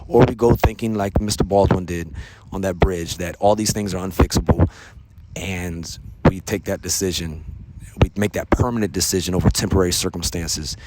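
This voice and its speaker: A deep-voiced American man hosts a podcast, delivering an earnest yet casual monologue. He often tags his sentences with "man" and "right?", and there's background noise.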